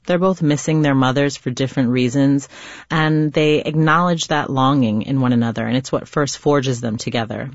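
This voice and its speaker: A woman novelist answering interview questions in a reflective, earnest way, sometimes pausing to find words. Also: extremely low pitch, dry recording. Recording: slightly dull lo-fi remote sound.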